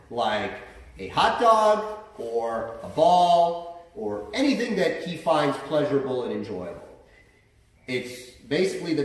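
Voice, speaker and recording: A man explaining dog training as a trainer, in a plain, explanatory way with some fillers. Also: mid-range voice. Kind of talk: instructional explanation. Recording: very echoey, from far off the mic.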